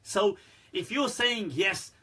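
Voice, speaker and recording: A man with a bright, slightly husky voice gives a loose, joking livestream Q&A and laughs often. He talks straight to his viewers and keeps saying "right" and "people" between his points. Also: high voice, takes it slowly. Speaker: Islamic scholar answering questions. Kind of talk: casual livestream Q&A talk.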